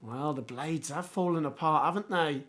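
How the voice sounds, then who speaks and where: Hoarse, excitable man. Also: on the high side, moderate pace. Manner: excitable, exclamatory, reacting live. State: hoarse, voice going. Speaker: livestream watchalong host. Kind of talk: live football watchalong commentary.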